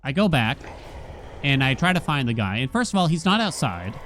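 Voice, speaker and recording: A man streaming a game, chatting casually and telling an animated story with sudden exclamations. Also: mid-range voice, fairly quick, a little hiss or hum. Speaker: gaming streamer. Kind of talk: casual gameplay commentary with storytelling.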